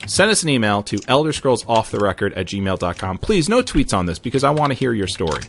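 A man hosting a casual gaming podcast, chatty and easily excited, with loose mild swearing. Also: fairly low pitch, fast, vocal fry, a little hiss or hum. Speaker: podcast host.

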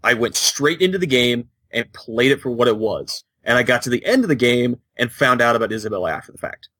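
A deadpan man co-hosts a podcast in relaxed casual chat, grumbling dryly. His voice is bright and a bit husky, and it sounds close and dry with no room around it. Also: medium pitch, fairly quick, dry recording. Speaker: podcast co-host.

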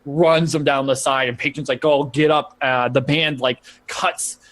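A man's voice: medium pitch, fairly even intonation, a little slow, fairly bright tone. Guy gm rambling thru the scene, lots of likes and ums, laughs a bunch. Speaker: game master. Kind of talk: narrating a tabletop game.

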